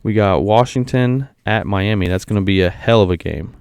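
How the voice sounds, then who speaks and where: Man, very low voice, smooth, dry close sound, casual sports podcast host. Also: moderate pace, no echo. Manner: relaxed, runs the segment.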